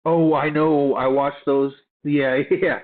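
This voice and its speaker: A man reading old documents aloud and adding offhand, halting remarks as he thinks aloud. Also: on the high side, steady tone. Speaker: channel host. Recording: tinny phone-like sound.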